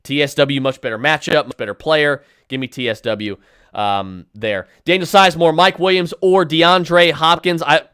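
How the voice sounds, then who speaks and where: On the high side and at a moderate pace, this podcast host's voice is pushed and bright, with a clean tone, no echo, and studio quality. He answers listener questions by firing off fantasy football advice, his decisive, emphatic picks punctuated by fillers and restarts.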